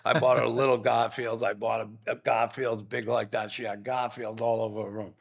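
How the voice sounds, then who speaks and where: A man's voice: mid-range voice, little pitch movement, normal speed, vocal fry. An older man, a podcast guest, telling earnest, rambling stories in a casual interview. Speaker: guest, former pro hockey player.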